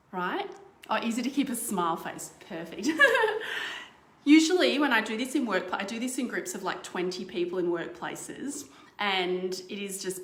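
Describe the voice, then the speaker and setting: A woman's voice: mid-range voice, reverberant. A woman presenting a live online workshop over a video call, chatty and playful, laughing often.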